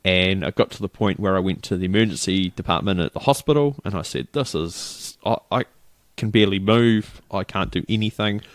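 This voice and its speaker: Kiwi guy rambling thru a story, lowish voice, dry close mic. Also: brisk, no room sound. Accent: New Zealand. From New Zealand. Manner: rambling storyteller, acts out quoted people. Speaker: podcast co-host. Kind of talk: casual chat.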